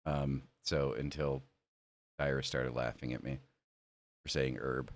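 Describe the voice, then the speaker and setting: A man's voice: rumbling low, level tone, measured pace. An American man hosting a casual podcast chat, laid-back, swearing and laughing often. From United States. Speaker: podcast host.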